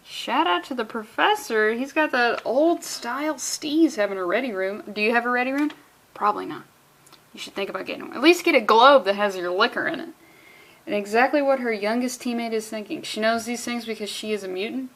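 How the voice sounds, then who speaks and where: Woman comic, slightly high voice, reads aloud casually and breaks into dry, sarcastic tangents. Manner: sarcastic, deadpan tangents, stumbles over words while reading. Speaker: comedian reading a comic book aloud. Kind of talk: casual comic reading with joking asides.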